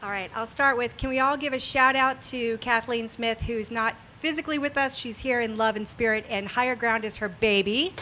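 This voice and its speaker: A woman's voice: a little high, steady tone, moderate pace, hardly any pauses, pushed and bright, a little hiss or hum. A middle-aged woman recruiter, speaking on a panel in a playful, upbeat way. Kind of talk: casual panel talk.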